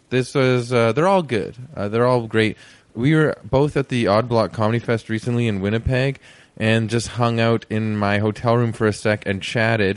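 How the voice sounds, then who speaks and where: A man's voice: lowish voice, clean tone, dry recording. A man hosting a podcast, introducing the episode in a rambling, joking way with many fillers. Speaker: podcast host.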